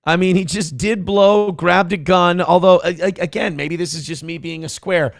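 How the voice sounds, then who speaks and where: A man's voice: high-pitched, fairly even intonation, normal speed, gravelly, no echo, studio quality. A man hosting a morning livestream show in casual, profane, jokey chat, reading out viewer comments.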